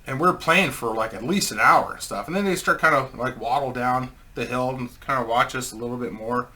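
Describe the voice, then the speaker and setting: A man's voice: mid-range voice, brisk, sharp tone. A man telling a rambling, crude comic anecdote in a casual way, laughing at his own story.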